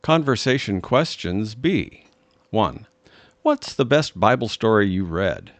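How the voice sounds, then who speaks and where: Guy teacher reading grammar rules slow, lots of ups and downs in his voice. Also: fairly low pitch, very animated, dry recording. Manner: reads grammar rules and examples in careful, measured steps. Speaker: English teacher. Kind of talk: slow, deliberate language lesson reading.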